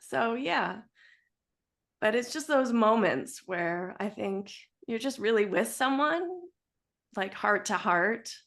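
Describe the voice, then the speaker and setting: A woman telling personal stories at a memorial gathering in a yoga studio, chatty and quick to laugh. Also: mid-range voice, animated, creaky, a bit bright. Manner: chatty, laughs often, many fillers like "you know". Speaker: yoga teacher sharing memories of her teacher.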